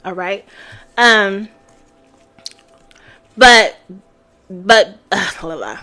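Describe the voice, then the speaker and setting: A woman reads tarot on a live stream in a slow, easygoing way. She chats casually and speaks straight to her viewers at a mid pitch. Soft music plays faintly in the background. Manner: chatty, addresses viewers directly. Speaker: tarot reader. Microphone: phone on a live stream.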